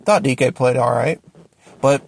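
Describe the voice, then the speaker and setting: A man's voice: normal speed, gravelly, a little hiss or hum. A man ranting at home about his football team, exasperated and repeating himself. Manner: exasperated, repetitive ranting with sharp swings up and down in pitch. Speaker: sports fan commentator. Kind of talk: ranting sports opinion video.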